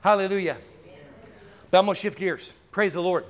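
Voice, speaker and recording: Man, high-pitched voice, charismatic preacher, fervent, church sermon. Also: moderate pace. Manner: fervent, building to loud declarations. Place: church sanctuary.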